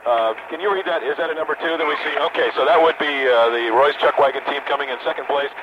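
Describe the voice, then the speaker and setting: Man, radio race announcer, fast-paced, filler-heavy, loud engine noise behind. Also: a little high, highs cut off. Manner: brisk, hesitant with fillers. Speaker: radio play-by-play host. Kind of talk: live race commentary. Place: aircraft over the race course.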